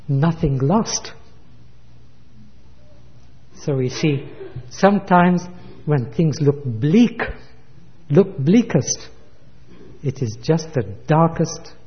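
A man delivers a sermon, slipping into the voices of the people in his stories. His voice sits a little high. The recording is muffled and carries a long echo, as in a large hall. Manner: storytelling with acted quotes. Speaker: preacher.

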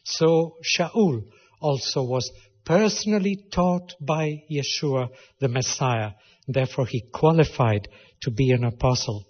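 A man's voice: mid-range voice, a little slow, breathy edge. A man preaching a sermon and reading scripture aloud, rising to emphatic stress on key phrases. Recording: lo-fi recording with long hall reverb.

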